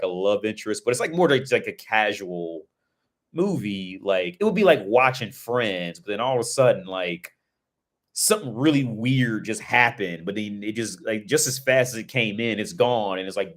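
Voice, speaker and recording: A man with a slightly low voice rambles through a casual livestream chat. He talks loosely, full of fillers and swearing, and he jumps into excited outbursts. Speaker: streamer.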